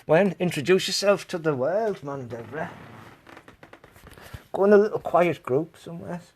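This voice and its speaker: His fairly high-pitched voice is animated and darkish with a breathy edge, moving at normal speed. Hosting a live stream, the man rambles through stories for his chat, frequently laughing and cursing without restraint.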